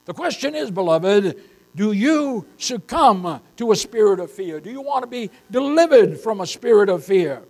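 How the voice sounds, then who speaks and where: A man's voice: sits high, expressive, moderate pace, darkish tone, rough recording. An older man preaching a sermon as pastor, emphatic and repeatedly calling his listeners beloved.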